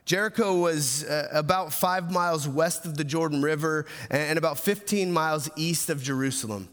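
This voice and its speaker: A man with a high voice preaches a sermon in a church hall, his words ringing out with a long reverb. He stumbles and repeats words as he goes, pushes toward urgent emphasis, then sinks to a soft, quiet close. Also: normal speed, soft background music. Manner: repeats words and restarts, grows louder and more urgent, then drops soft. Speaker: pastor.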